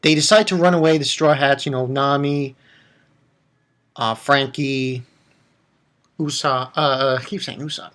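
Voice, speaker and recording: In a slightly slow delivery full of pauses, a man reviews an anime episode, wandering off on tangents, botching names, and jumping into squeaky squeals of excitement.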